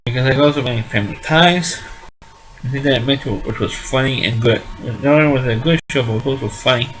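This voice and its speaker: A man's voice: medium pitch, fast talker, soft background music, low-quality recording. A man giving a casual spoken review of an old sitcom, blunt and dismissive, rambling and often restarting his sentences.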